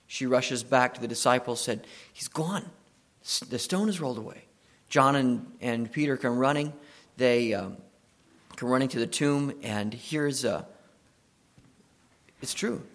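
A male preacher with a gravelly, mid-pitched voice tells a story in a sermon. He moves between hushed, intimate stretches and firm, emphatic lines.

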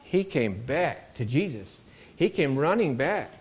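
A man with a fairly high voice tells a Bible story to a group of children. He keeps stopping to ask them questions and acts out the voices of the people in the story. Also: sing-song, a little slow, breathy edge.

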